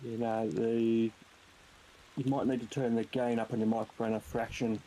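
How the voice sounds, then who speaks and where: A man's voice: mid-range voice, flat delivery, normal speed, warm tone, a little hiss or hum, poor audio. An Australian man chatting and patiently explaining things over voice chat while playing a driving game. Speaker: game streamer. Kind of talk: casual multiplayer game chat.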